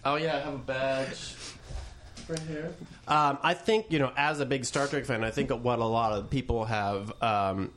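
Halting man hosting an interview. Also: mid-range voice, fairly bright tone, a little hiss or hum. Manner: halting, restarts often. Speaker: host. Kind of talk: interview questions.

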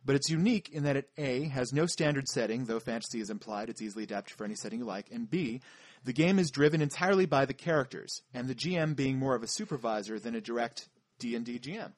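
A man co-hosting a podcast, talking fast in loose, joking banter. His voice sounds dry and close, with very little room sound around it. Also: medium pitch, expressive, no room sound. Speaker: podcast co-host. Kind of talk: casual chat, reading listener emails.

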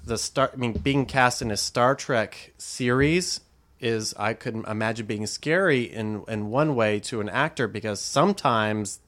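A panel host who muses in a casual interview with hesitant phrasing and steady backchannel murmurs. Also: mid-range voice, measured pace. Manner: thoughtful, hesitant, frequent backchannel.

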